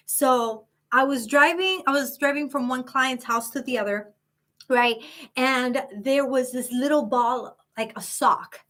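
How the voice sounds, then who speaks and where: A woman hosting a live psychic stream, chatting casually and telling stories in an animated way. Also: on the high side.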